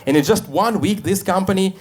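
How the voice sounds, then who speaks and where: A man doing a stand-up set in a comedy club, deadpan and self-deprecating, acting out the voices he quotes. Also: high voice, brisk. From Russia. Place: comedy club stage with a live audience. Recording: live club recording with crowd laughter. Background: audience laughter.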